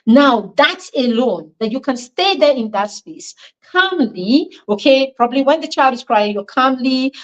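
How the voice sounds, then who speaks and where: A woman with a fairly high voice teaches a parenting class, pressing her points home and asking the parents direct questions. She repeats key phrases for weight. The sound is dull and lo-fi. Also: lively intonation, unhurried. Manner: emphatic, repeats points and asks the listeners questions. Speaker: parenting coach.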